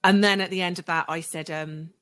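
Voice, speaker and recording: A woman in her forties, a podcast guest telling her own story candidly, her voice dropping soft when she recalls hard moments. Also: fairly low pitch, steady tone, fairly quick. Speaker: podcast guest, legal marketer.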